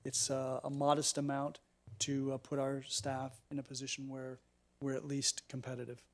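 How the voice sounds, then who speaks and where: A man speaking as a town councillor in a council meeting, measured and hesitant, with frequent fillers. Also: medium pitch, monotone.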